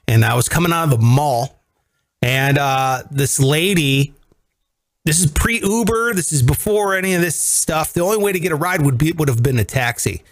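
A man's voice: moderate pace, a little hiss or hum. A man hosting a radio show, chatting casually and telling stories with lots of voices for quotes. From greater Cleveland area. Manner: animated storyteller, jumps into high voices for quotes. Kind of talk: casual chat.

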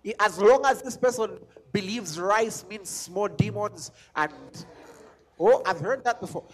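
High-voiced preacher man, emphatic. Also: unhurried. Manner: emphatic, repeats lines, sings scripture. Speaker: pastor. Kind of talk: sermon.

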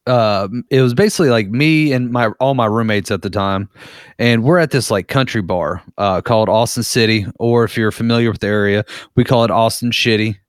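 A man's voice: on the low side, normal speed, clear, resonant tone, dry recording, clean studio sound. A man casually telling a rambling, profane story, with lots of filler words.

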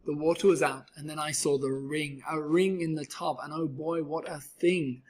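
A man reading a rhyming children's book aloud in a rhythmic, expressive way, with a husky voice. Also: on the high side, moderate pace. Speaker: storyteller.

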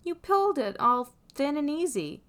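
A woman's voice: medium pitch, fairly even intonation, normal speed, darkish tone, close to an everyday voice. A woman voicing an earnest young man who bursts into emphatic exasperation, read from a fan story. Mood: exasperated. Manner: emphatic, rising to exasperated outbursts.

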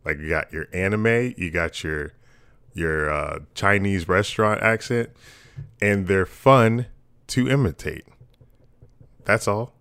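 A man's voice: low voice, slow, long pauses, a bit bright, clean tone, no echo, studio quality. A man co-hosting a podcast in casual chat, swearing freely and laughing as he rambles. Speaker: podcast co-host.

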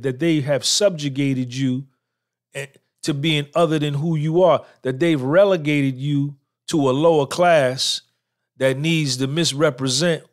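A man hosting a podcast in a casual monologue, blunt and preachy, full of slang and checking in with "right?". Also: on the high side. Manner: asks for agreement with "right?". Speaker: podcast host.

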